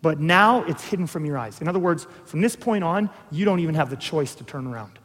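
Male preacher, high register, casual teaching sermon with big dynamic swings, recorded in a reverberant hall. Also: expressive, a little fast. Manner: conversational, swings from hushed to emphatic.

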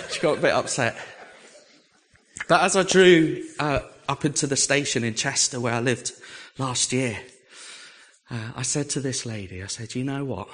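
An English man preaching, telling a personal story with lively, animated delivery and acting out the voices he quotes. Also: medium pitch, moderate pace, pauses often. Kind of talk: storytelling sermon.

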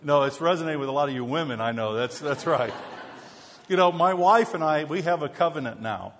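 A man's voice: on the high side, animated, a little fast, fairly bright tone, slight background noise. A man preaching a sermon as pastor, telling funny self-deprecating stories before turning to scripture. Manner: humorous storytelling with self-deprecating jokes. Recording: long hall reverb.

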